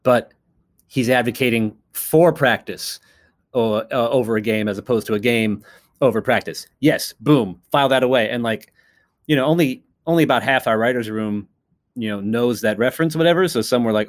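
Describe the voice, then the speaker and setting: A man's voice: mid-range voice, brisk. A man, a co-creator and writer of a TV series, talking casually in an interview, rambling with fillers and restarts and sometimes acting out other people's voices. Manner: acts out quoted voices of others.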